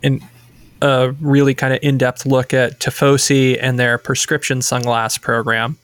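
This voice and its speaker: A man co-hosting a podcast in casual chat, relaxed and hesitant, with frequent uhs. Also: medium pitch, creaky, dry recording, clean studio sound. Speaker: podcast co-host.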